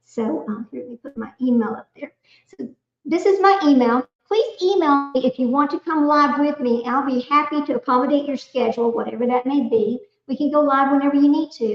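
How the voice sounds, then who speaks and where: A middle-aged woman hosting a casual livestream, chatting to viewers while fumbling with her screen. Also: sits high. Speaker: livestream host. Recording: echoey, slightly dull home livestream audio.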